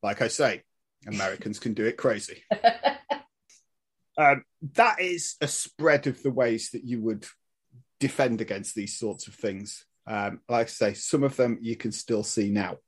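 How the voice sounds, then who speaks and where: A man explaining history in casual podcast chat, animated and swearing, laughing at his own points. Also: fairly low pitch, measured pace, slightly rough. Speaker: guest historian.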